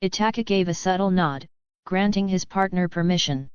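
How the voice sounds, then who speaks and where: Woman audiobook narrator, lowish voice, smooth, slightly dull audio. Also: normal speed, no room sound.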